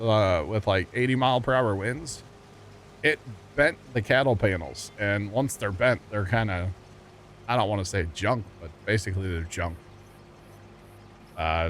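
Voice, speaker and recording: Here a man from the United States plays a farming game on stream, chatting with viewers and laughing often at his puns as he rambles. He speaks on the low side with a fairly bright tone, over slight background noise.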